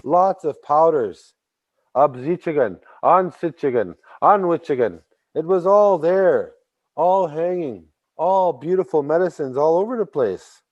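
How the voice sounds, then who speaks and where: Slow-paced male oral storyteller. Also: fairly high pitch, dull audio. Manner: slow, repetitive, with sudden animated emphasis. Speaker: traditional storyteller.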